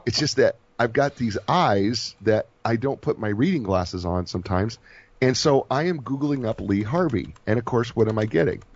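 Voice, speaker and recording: A man's voice: mid-range voice, lively intonation, moderate pace, husky, no echo, dull audio. A man co-hosting a radio show in casual chat, rambling and effusive, often stumbling and repeating his words. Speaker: radio co-host.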